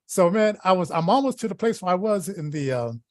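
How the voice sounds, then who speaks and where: Guy co-hosting a talk show, bit high voice, keeps stumbling and restarting, dry sound. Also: animated, a little fast, darkish tone, no echo. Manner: stammering, restarting, chatty. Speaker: co-host.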